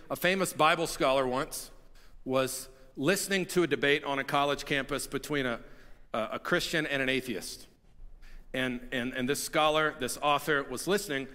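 A man's voice: on the high side, pushed and bright. A man preaching an Easter sermon as pastor, telling stories in a conversational way with frequent restarts. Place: church sanctuary. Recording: long hall reverb.

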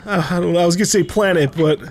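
A man's voice: high-pitched, fast talker, noisy background. A man giving gameplay commentary, swearing freely and yelping and laughing in panic. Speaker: let's play host.

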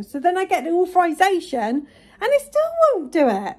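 A woman vlogger vents casually to the camera, retelling a frustrating complaint in an exasperated, animated way. Her voice is very high-pitched and moderately paced.

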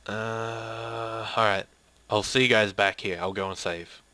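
A man's voice: lowish voice, little pitch movement, sharp tone, dry recording. A young man giving casual, joking commentary while playing a horror game, swearing now and then. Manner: joking, swearing, slow-paced. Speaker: let's play gamer.

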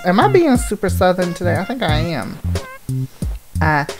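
A woman's voice: on the low side, sing-song, moderate pace. Chatty woman with a scratchy voice. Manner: chatty, jokey, rambling asides. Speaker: gaming channel host. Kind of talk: Let's Play commentary. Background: game music.

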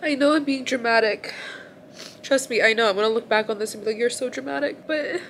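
A woman's voice: fairly high pitch, brisk, a bit bright, a little hiss or hum. A young woman vlogging from a hospital room after giving birth, tearful and in pain, rambling with many "like"s. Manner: tearful, rambling, says "like" often. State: crying, in pain after surgery. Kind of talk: emotional personal vlog.

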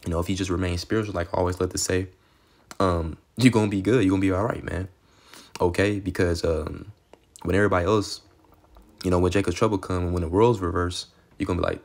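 A man's voice: deep voice, creaky. A man preaching a casual street-style sermon, reading scripture aloud and talking conversationally, often tagging lines with "okay" and "man" and swearing freely. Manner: excitable, sometimes rushes or drops to a murmur.

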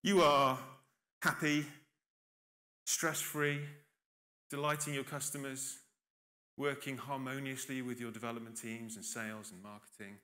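A man's voice: medium pitch, steady tone, unhurried, long pauses, sharp tone. A man giving a conference keynote in a chatty, self-deprecating way with dry irony. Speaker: keynote speaker. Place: conference hall stage.

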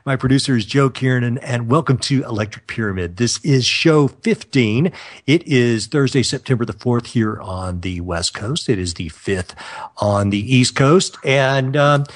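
A man's voice: medium pitch, animated, measured pace. A man hosting a live internet radio show in casual chat, joking and laughing often at himself. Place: California.

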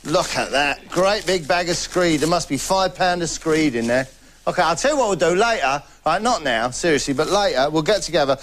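A man hosts a comedy show, talking straight to camera in a rambling, chatty monologue. He breaks into laughs between jokes, and his voice sits fairly high. A clear background noise runs under the recording. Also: expressive, fairly quick, a bit bright. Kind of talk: deadpan stand-up monologue to camera.

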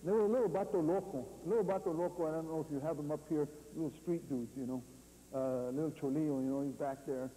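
A man's voice: a little high, fast, warm tone. A man from California giving a rambling, story-filled lecture to an audience, often tossing out rhetorical questions and "you see". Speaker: guest lecturer. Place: university lecture hall. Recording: reverberant hall, faint hum, poor audio.

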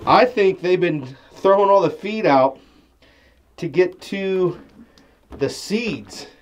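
Speaking slowly with a high, lively voice, this Nebraska family farmer keeps things chatty and down-home in his casual vlog. He heads from the outdoor farmyard into a torn-up house. There's slight background noise.

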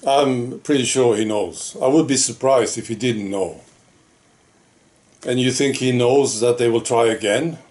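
A man talks to his viewers in an unhurried, drawn-out way, in a mid-range voice. He chats casually, leaning on rhetorical questions and little asides like "right?" and "you know". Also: mid-range voice, darkish tone. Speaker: political vlogger. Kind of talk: casual opinion monologue.

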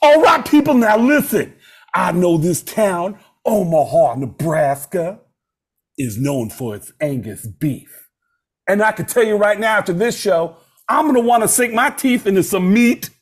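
A man impersonating a male rock frontman, yelling brash, drawn-out stage banter to an arena crowd. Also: extremely high pitch, very animated, voice pushed up, heavily acted. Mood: cheeky showman. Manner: shouted, stretched-out arena announcer delivery.

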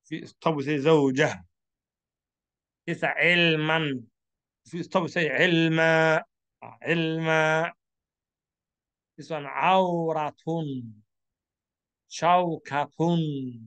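A man with a Somali accent teaching Quran reading, slowly spelling out letters and drawing out each syllable as he repeats it. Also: fairly high pitch, steady tone, a bit bright, clear, resonant tone. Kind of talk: slow classroom instruction.

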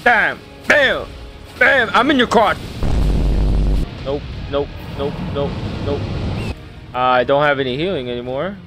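A young man giving loud, profane, excitable commentary while playing a video game. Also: on the high side, slow, long pauses, over music. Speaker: gaming streamer. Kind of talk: casual gameplay commentary.

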